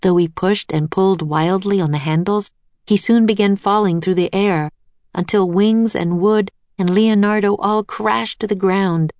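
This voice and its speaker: A woman narrating a children's chapter book aloud in a steady, clear storytelling voice. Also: mid-range voice, a little slow, dry recording.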